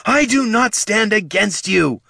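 A man voicing a young orc woman who speaks strong, clear and earnest. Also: mid-range voice, animated, measured pace, fairly bright tone, dry recording, clean studio sound, pitched above the performer's own voice, exaggerated voice. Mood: pleading. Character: young wounded orc woman, proud and steadfast.

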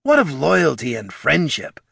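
A man voicing a calm, reserved male troll who speaks quietly and evenly. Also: fairly high pitch, a little slow, creaky, husky, dry recording, studio quality, voice pushed up, heavily acted.

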